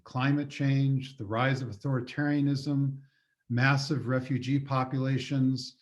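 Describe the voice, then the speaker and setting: Measured older man giving a formal address. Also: medium pitch, a little mellow. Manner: measured, deliberate delivery with listed phrases. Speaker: guest lecturer.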